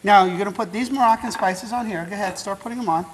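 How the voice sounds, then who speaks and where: A man's voice: sits high, quick pace, slight background noise, poor audio. A man hosting a cooking show, giving upbeat, chatty step-by-step instructions with an encouraging, teasing manner. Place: show kitchen at the stove.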